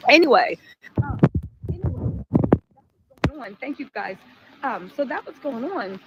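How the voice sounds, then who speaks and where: A woman's voice: high-pitched, very animated, normal speed, muffled recording, heavy background noise. A woman hosting a live stream, animatedly retelling court proceedings and reading out viewer comments, talking outdoors in the rain. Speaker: livestream host. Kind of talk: live recap of a trial.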